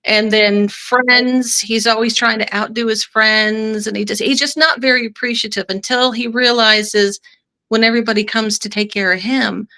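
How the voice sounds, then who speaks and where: A woman's voice: on the high side, fairly even intonation, moderate pace, sharp tone. A middle-aged woman from Northern Ireland, with no trace of an Irish accent, chatting as a guest and rambling through her stories. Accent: American, no Irish accent. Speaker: guest author. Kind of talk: casual chat.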